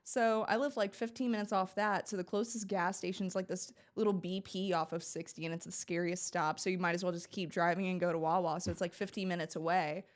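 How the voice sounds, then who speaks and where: A woman's voice: lowish voice, steady tone, brisk, few pauses. Chatty young woman telling stories. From Central Florida, USA. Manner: chatty, rambling, laughs often. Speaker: podcast guest. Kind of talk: casual storytelling chat.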